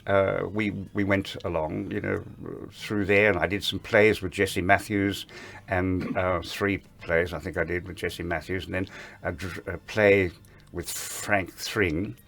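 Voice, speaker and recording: Deep-voiced older man reminiscing. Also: fairly even intonation, unhurried, creaky, fairly bright tone. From Australia. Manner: chuckling storyteller who acts out quoted lines. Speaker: guest, veteran stage performer. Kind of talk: anecdotal interview reminiscence.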